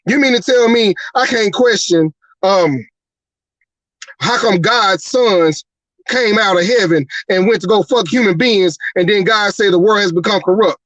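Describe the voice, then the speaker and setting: High-voiced man on an angry, profane rant. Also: a little slow, a bit bright, dry recording, lo-fi sound. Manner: profane, angry, repeated rhetorical questions. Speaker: host. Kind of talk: heated live-show rant.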